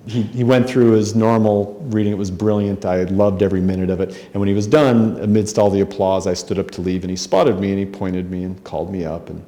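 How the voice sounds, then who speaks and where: A middle-aged author from Spokane giving a conference talk, telling self-deprecating stories in a conversational way with frequent ums and restarts. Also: male voice, sits low, fairly even intonation, fairly quick, hardly any pauses, warm tone. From Spokane, Washington, USA. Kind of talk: anecdotal storytelling speech. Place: hotel conference room.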